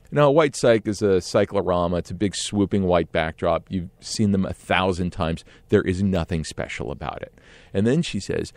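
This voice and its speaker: A middle-aged man telling a casual story in an animated way, often laughing and acting out what others said. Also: low-pitched, normal speed, no room sound. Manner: animated, laughs often, acts out quoted voices.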